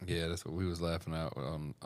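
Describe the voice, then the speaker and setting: A very deep-voiced man, laid-back and chuckling as he reminisces in a podcast chat. The sound is close and dry, with no room echo. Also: flat delivery, a little fast. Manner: laid-back, chuckling listener with short replies. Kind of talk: casual chat.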